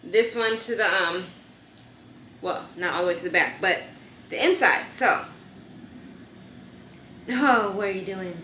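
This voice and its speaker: A woman's voice: medium pitch, a little slow, long pauses, a little hiss or hum. Young female vlogger, casual and chatty, echoey home room. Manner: chatty, coaxing softly with her dog. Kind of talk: casual chat to camera.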